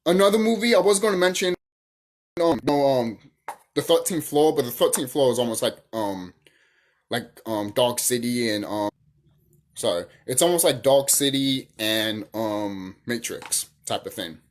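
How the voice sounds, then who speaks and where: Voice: medium pitch, unhurried, a little hiss or hum. A channel host ranting in a casual monologue, profane and heated, repeating phrases and firing off rhetorical questions.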